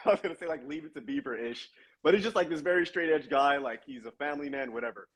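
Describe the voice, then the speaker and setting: A husky, mid-pitched male voice with a slightly breathy grain. He tells anecdotes in a relaxed, rambling way, peppered with fillers. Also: fast. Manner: chatty anecdotes with frequent uh and man. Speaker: voice actor guest. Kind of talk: casual interview storytelling.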